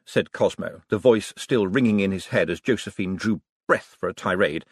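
A man narrating an audiobook in a wry, expressive storytelling manner. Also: low voice, normal speed, hardly any pauses, husky, dry recording, studio quality. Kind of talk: scripted narration.

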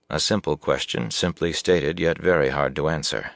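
A man reading a fantasy novel aloud as audiobook narration, with a measured, even storytelling delivery. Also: extremely low pitch, vocal fry, no room sound. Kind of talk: scripted narration.

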